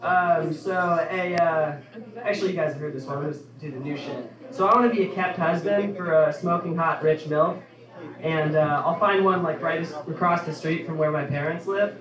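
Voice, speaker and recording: A young adult man performing a stand-up comedy set in a club, in an offhand, halting delivery full of ums. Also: on the high side, fairly even intonation, a crowd in the background. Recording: echoey club from a distance.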